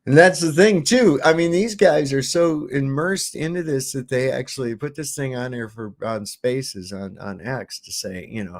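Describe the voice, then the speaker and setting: A man's voice: medium pitch, normal speed, hardly any pauses. Profane mocking male livestream host. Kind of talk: casual livestream commentary.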